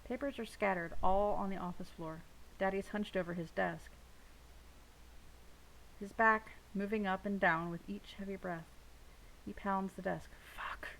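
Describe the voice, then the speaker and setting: A woman reads a novel aloud in a steady first-person narrating voice. Her tone has a noticeable gravelly grain, and a faint hiss sits under the recording. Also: medium pitch, normal speed, long pauses, low-quality recording. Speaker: audiobook reader.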